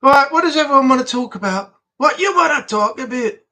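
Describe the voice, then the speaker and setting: Bright live-chat host. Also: high-pitched, lively intonation, brisk. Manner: chatty, rambling, answers chat aloud.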